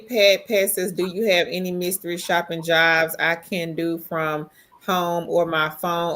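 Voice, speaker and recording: A woman with a low-sitting, gravelly voice and a fairly bright tone co-hosts a casual livestream. Chatty, she greets viewers and reads their comments aloud.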